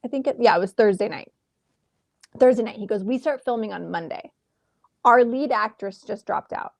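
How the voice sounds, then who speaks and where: A woman in her thirties, an actress telling a lively story in a casual interview from home over a video call, acting out the exchanges she quotes. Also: a little high, moderate pace, gravelly, no echo. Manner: animated, acts out quoted exchanges. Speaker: actress guest.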